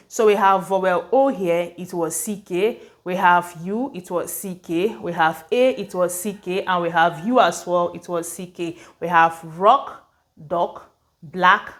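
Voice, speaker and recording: A woman teaching English spelling, explaining patiently, sounding out words and often checking that her students follow. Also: medium pitch. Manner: explanatory, repeats words slowly, checks understanding. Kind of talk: spelling lesson at a board.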